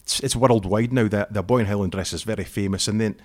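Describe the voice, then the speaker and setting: A man's voice: lowish voice, steady tone, quick pace. A middle-aged man from northeast Scotland with a Scottish accent, chatting in an interview and telling stories with frequent restarts. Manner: chatty, storytelling, often restarts phrases. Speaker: interviewed fiddler. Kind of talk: relaxed interview chat.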